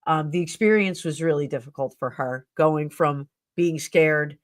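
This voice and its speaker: Woman tarot reader on a live stream, effusive and emotional, lowish voice, dry close sound. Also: a little slow, no room sound.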